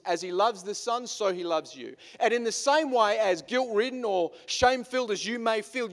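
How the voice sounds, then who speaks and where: Emphatic male pastor in a reverberant hall. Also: sits high. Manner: earnest, emphatic preaching with repetitions. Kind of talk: sermon.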